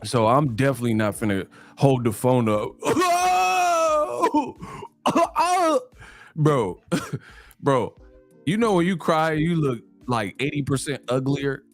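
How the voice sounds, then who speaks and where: A man's voice: medium pitch, normal speed, dry recording, soft background music. A man hosting a casual live stream, joking and laughing through slangy banter with his viewers. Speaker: livestream host.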